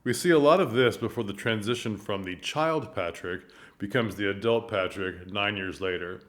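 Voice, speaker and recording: A man giving earnest, animated commentary on a stage production, telling the story with frequent restarts. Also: on the low side, normal speed. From United States. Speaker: theater commentator. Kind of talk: casual commentary.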